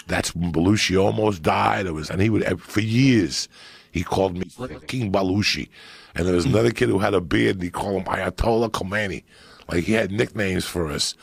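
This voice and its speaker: A very deep, gravelly man spins profane, animated street stories in casual podcast chat. His husky voice sounds close and dry. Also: dry recording. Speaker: podcast guest storyteller.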